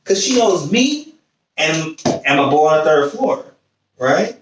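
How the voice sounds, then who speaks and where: High-pitched man telling stories in an echoey room. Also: a little slow, background noise. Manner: animated storyteller, acts out quoted voices. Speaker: podcast host. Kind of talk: casual storytelling chat. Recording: echoey room, distant mic.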